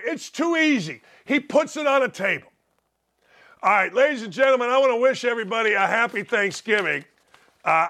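Loud jokey sports show host guy, gravelly voice sitting kinda high. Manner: brash and jokey, shouting picks. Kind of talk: loud sports betting talk.

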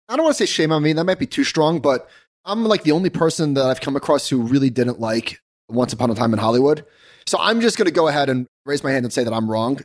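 A man co-hosting a podcast in casual chat, playful and teasing. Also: a little high. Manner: playful, teasing, animated storyteller. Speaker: podcast co-host.

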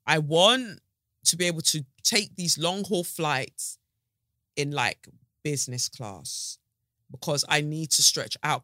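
A young woman hosting her own podcast in rambling, animated, slangy casual chat. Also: deep voice, a little slow, no room sound, clean studio sound. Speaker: podcast host. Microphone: studio podcast mic.

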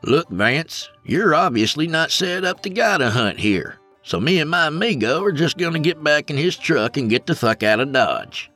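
A blunt, foul-mouthed male hunter who has run out of patience, as a male narrator puts him on. He speaks noticeably higher than the narration and a little pushier. Faint music plays underneath. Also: very animated, normal speed, few pauses, sharp tone, exaggerated voice. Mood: impatient. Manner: blunt, profane, impatient. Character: blunt impatient male hunter, young adult.

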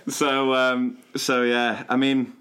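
A man's voice: medium pitch, monotone, fairly bright tone. A man, co-hosting a podcast and teasingly prompting his friend with questions. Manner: prompting, teasing, quick to laugh. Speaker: podcast co-host. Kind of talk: casual chat.

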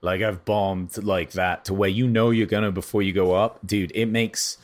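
Lower-voiced man telling stories animatedly. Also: normal speed. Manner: rambling, animated storytelling. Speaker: podcast co-host, comedian. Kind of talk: casual podcast chat.

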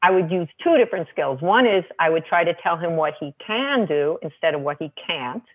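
Husky woman on a tinny phone line. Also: on the low side, animated, brisk. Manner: anecdotal, frequent "you know" and restarts. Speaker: parenting book author, podcast guest. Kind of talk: casual storytelling chat.

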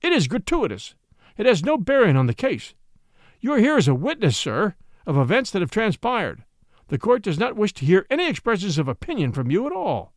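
Here is a blustering judge who roars and snarls at the witness, played by a man reading the story. His scolding pitch leaps high and drops low. The sound is dry and close. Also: wildly swooping pitch, moderate pace, no room sound, full character voice. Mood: outraged. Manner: roaring, fierce and scolding. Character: blustering, bullying male small-town judge.

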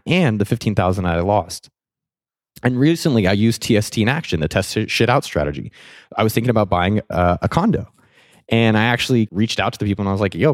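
Candid, low-voiced man telling a story. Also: no echo, clean studio sound. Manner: candid, self-mocking, swears freely, animated on key moments. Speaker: vlogger telling a personal money lesson. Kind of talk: casual storytelling monologue.

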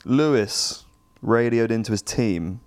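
A young man co-hosting a casual podcast, telling jokey, rambling stories in an animated way. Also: mid-range voice, slow, clean tone. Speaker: podcast co-host. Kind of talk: casual chat.

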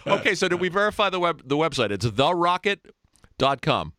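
A man co-hosting a podcast interview, upbeat and quick to laugh. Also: on the high side, sing-song, pushed and bright. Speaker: podcast co-host. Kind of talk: interview chat.

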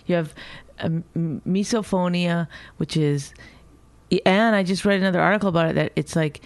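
A woman's voice: fairly low pitch, normal speed, no echo. A middle-aged woman co-hosting a podcast, bickering and teasing her partner, retelling things with exaggeration. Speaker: podcast co-host. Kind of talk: casual bickering chat.

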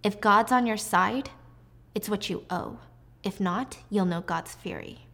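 A composed, cold-blooded woman near forty, as a woman retelling a drama puts her on speaks coolly at a middle pitch. Her lines are quiet and cutting and never rattled. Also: unhurried, creaky.

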